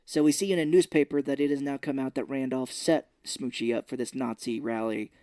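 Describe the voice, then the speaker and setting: A man co-hosts a film podcast and walks through a movie's plot in an animated, chatty way. His voice sits at an ordinary middle pitch, and the recording is close and dry. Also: fairly quick, no room sound. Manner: animated retelling with playful put-on voices. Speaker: podcast co-host. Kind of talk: casual film recap chat.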